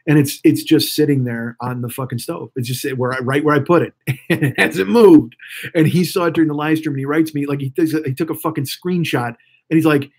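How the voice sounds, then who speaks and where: Fast-talking husky man. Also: fairly high pitch. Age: 40s. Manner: profane, rambling, often restarts mid-sentence. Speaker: live streamer. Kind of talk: casual rambling chat to a live audience.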